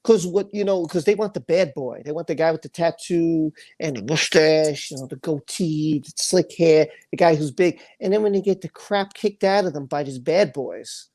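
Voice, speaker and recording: A man's voice: a little high, moderate pace, few pauses, a little mellow. A man hosting a livestream, ranting with anger and emotion, repeating phrases and reading chat comments aloud. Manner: angry, impassioned, repeats phrases. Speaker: livestream host.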